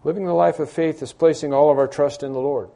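A man preaching a sermon, with a mellow, warm tone that sits a little high for a man. He acts out the cries of the people he quotes and builds them in intensity. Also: steady tone, fast, gravelly. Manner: dramatic, acts out quoted pleas with rising intensity. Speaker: pastor.

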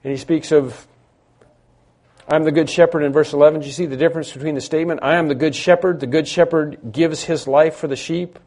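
A man's voice: fairly high pitch, steady tone, fairly quick, darkish tone. A man preaching a sermon, emphatic, building through repeated phrases and frequent restarts. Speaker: pastor.

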